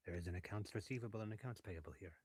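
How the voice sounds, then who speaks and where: Low-voiced man playing a game. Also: very fast, darkish tone, husky, no room sound. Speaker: player. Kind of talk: in-character tabletop play.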